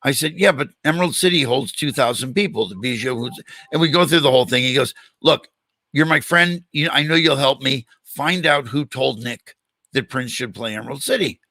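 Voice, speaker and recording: Older male host and animated storyteller, bright tone, dry studio sound. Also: mid-range voice, normal speed, dry recording. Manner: animated storyteller, acts out quoted dialogue. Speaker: podcast host. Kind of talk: storytelling in a casual interview.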